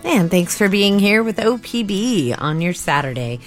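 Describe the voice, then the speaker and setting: A female station announcer reads promos and sponsor credits, her pitch rising and falling in an animated way. Faint music sits quietly under her studio read. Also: moderate pace. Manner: warm, lively announcer reading. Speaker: public radio station announcer.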